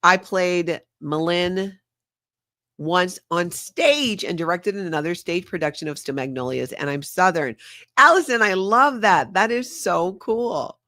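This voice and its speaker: A woman's voice: fairly low pitch, animated, a little slow, pushed and bright, no room sound, clean studio sound. Chatty older woman hosting a livestream. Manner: chatty, laughs often, reads viewer comments aloud. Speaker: livestream host. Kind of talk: casual livestream chat.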